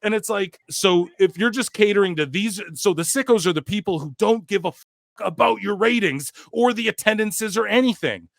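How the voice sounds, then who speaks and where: A man's voice: high voice, normal speed, gravelly, no room sound. A man co-hosting a wrestling talk show, ranting in an exasperated, profane way and repeating himself with lots of filler words. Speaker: podcast co-host. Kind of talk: heated wrestling-commentary rant.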